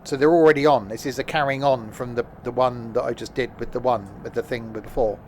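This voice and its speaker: A man's voice: medium pitch, steady tone, fast talker, background noise. A man giving casual, jokey gameplay commentary while streaming, rambling and trailing off mid-sentence. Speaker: game streamer.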